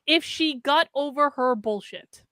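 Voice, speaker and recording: A woman's voice: sits high, a little slow, sharp tone, no room sound. A woman hosting a casual reaction chat, speaking bluntly with profane asides. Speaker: host.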